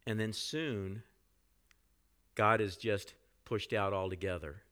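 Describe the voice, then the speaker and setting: A pastor preaching a sermon in a conversational way, with frequent asides to the congregation. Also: male voice, on the low side, slow pace, pushed and bright.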